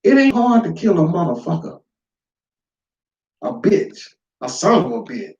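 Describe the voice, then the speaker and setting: A man giving an informal spoken lesson, emphatic and full of rhetorical questions, swinging between loud and quiet. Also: fairly high pitch, big pitch swings, brisk, distant mic. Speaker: lecturer. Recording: echoey room, dull lo-fi sound.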